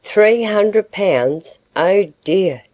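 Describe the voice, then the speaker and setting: A woman's voice: deep voice, lively intonation, unhurried, dark tone. A woman reading the part of a fretful, bewildered housewife who frets plaintively about money. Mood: fretful dismay.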